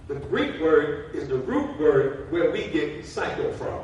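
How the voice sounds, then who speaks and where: A man's voice: fairly high pitch, very animated, a little slow, a little mellow, lo-fi sound. A man preaching a sermon in a folksy, casual way that rises to fervent calls. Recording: very echoey, far from the mic, faint noise.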